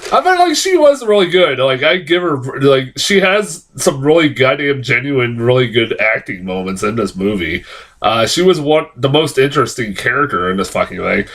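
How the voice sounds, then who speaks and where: A man giving a casual, rambling film review, swearing a lot and stumbling through restarts, jumping higher whenever he quotes a line. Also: moderate pace. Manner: rambling, heavy swearing, many fillers and restarts; jumps to high, excited pitch when quoting lines.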